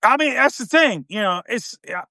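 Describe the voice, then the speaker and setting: A man's voice: extremely high pitch, expressive, normal speed, pushed and bright, no echo. A man hosting a podcast, joking and rambling in casual chat, full of "you know" asides. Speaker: podcast host.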